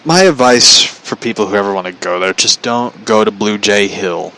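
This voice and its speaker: A man's voice: fairly low pitch, lively intonation, moderate pace, bright, forceful tone, poor audio. Chatty man telling a personal story. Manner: chatty, relays dialogue with "he goes" and "I was like", laughs often.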